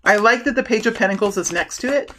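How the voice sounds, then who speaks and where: A woman giving a casual tarot reading, animated and prone to excited bursts, often restarting her sentences. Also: on the high side, fast talker, slight background noise. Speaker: tarot reader.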